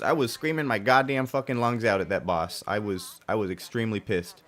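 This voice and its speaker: A young man streaming a racing game live, talking casually and profanely while he plays, with a hoarse, strained voice and sudden loud outbursts. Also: mid-range voice, fast talker. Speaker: gaming streamer.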